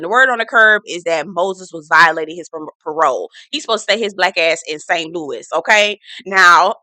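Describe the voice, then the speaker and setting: A woman hosting a casual TV recap, sassy, animated and full of profanity. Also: on the low side, fairly quick, few pauses, no room sound. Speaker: TV recap host. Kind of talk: casual chat.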